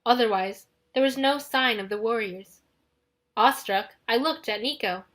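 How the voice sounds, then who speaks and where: Woman reading an audiobook, first person, bright tone, kinda high. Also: moderate pace. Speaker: audiobook narrator.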